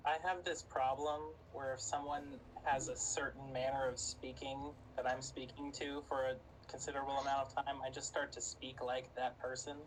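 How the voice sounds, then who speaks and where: A man with a mid-pitched voice talks easily with his gaming friends. He sounds a bit distant from the microphone, and light noise runs behind him. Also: flat delivery, normal speed, hardly any pauses. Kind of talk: casual chat.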